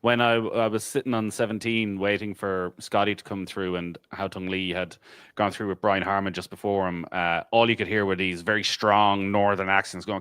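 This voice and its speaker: Lowish-voiced man chatting about golf. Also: flat delivery, normal speed, fairly bright tone, clear, resonant tone, dry recording, studio quality. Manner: chatty storyteller, mimics crowd voices. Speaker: golf podcast panelist. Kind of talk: casual panel chat.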